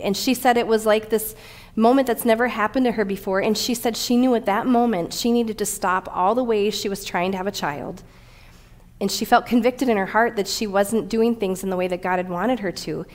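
A middle-aged woman pastor preaching a sermon, telling a personal story with animated, emotional delivery. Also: a little high.

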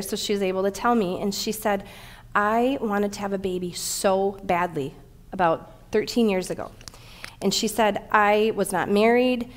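A middle-aged woman pastor in the middle of a sermon. She tells a personal story with animated, heartfelt delivery, then moves into the scripture. Her pitch sits at an ordinary middle height for a woman.

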